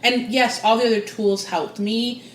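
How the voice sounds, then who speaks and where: A woman, guest on a podcast, telling a personal story with lively, expressive delivery and acting out the voices she quotes. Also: moderate pace, roomy sound, slight background noise. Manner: expressive, acts out quoted voices with big pitch jumps. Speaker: guest psychic and spiritual coach. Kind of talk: animated storytelling in interview.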